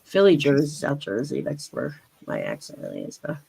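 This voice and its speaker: Gravelly, husky woman with a lively voice. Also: sits low, normal speed, poor audio. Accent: faint Philadelphia. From Philadelphia area. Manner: chatty, rambling with restarts. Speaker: panelist. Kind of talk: casual chat.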